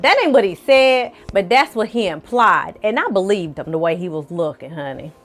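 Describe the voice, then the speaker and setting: A woman casually recapping a TV episode for viewers, telling the story in a lively, slangy and profane way. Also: medium pitch, moderate pace, few pauses. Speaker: film and TV reviewer.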